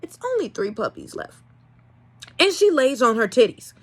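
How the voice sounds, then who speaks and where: A young woman breeder telling a casual vlog story in an animated, exasperated way, swinging between loud and soft. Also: high voice, moderate pace, slightly rough. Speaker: dog breeder.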